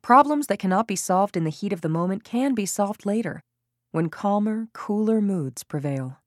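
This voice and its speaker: A woman's voice: medium pitch, lively intonation, normal speed, no echo, clean studio sound. A woman narrating a parenting audiobook, reading expressively and acting out quoted lines.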